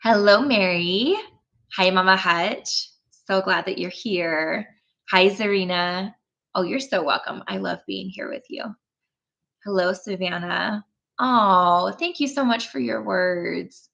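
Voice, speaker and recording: A woman hosting a live tapping session, gentle and encouraging, greeting chat viewers with frequent ums. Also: medium pitch, takes it slowly, creaky, dull audio.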